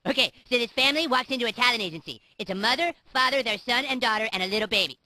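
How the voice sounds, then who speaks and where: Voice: medium pitch, racing, sharp tone, dry recording. A performer voicing a bratty, foul-mouthed cartoon boy who tells a crude joke in a gleeful, pushy way. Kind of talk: parody voice acting.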